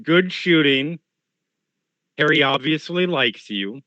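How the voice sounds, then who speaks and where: A man's voice: fairly high pitch, expressive, takes it slowly, sharp tone, no room sound, muffled recording. A man playing a tabletop role-playing game, joking and speaking in character in first person. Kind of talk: casual game table chat.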